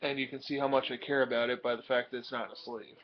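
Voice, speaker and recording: A fast-talking young man with a medium-pitched voice and little pitch movement rambles through the comics he bought. As a collector doing a casual show-and-tell vlog, he uses lots of ums and uhs, and the home recording is dull and lo-fi.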